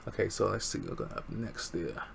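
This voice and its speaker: A man reviewing a wrestling show in a casual, excitable, slangy recap chat. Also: sits low, quick pace, gravelly, a little hiss or hum.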